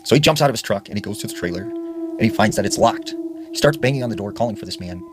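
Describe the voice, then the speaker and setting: A man's voice: on the low side, animated, fast talker, background noise. A man narrating a creepy tale in a dramatic storytelling manner.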